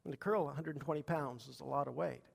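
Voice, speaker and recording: A man's voice: a little high, quick pace, gravelly, husky, big-room sound. A man preaching a sermon to a congregation, telling childhood stories in a folksy way with many fillers and questions to the room. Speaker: pastor.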